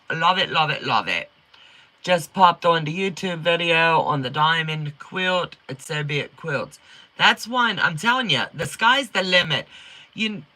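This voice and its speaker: Middle-aged woman on a sewing livestream, folksy and chatty, thick accent, talks fast, real bright sharp voice. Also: sits low. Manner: upbeat and warm toward viewers. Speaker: quilting livestream host. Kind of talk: casual livestream chat reading viewer comments.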